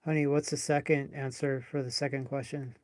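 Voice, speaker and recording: A man talking casually to a phone app on a livestream, halting and full of fillers, calling it honey. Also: medium pitch, level tone, darkish tone, no room sound. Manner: halting, filler-heavy, calls her honey. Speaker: app user hosting a livestream.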